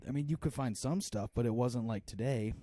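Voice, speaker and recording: A man's voice: mid-range voice, brisk, dark tone, dry recording. A man in his twenties co-hosting a podcast in a casual, rambling chat full of filler words. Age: 20s. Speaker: podcast co-host.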